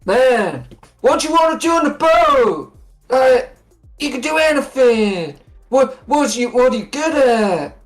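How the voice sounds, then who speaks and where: A woman voicing an easygoing young male surfer type who shouts cheerfully in slang. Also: sits high, sing-song, unhurried, faint music behind. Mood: cheery. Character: laid-back loud surfer-dude young man.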